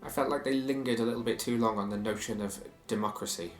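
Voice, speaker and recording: A man's voice: medium pitch, steady tone, fast talker, echoey room, faint music behind. A man co-hosting a podcast in casual chat, sharing strong opinions and reading quotes aloud. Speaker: podcast co-host.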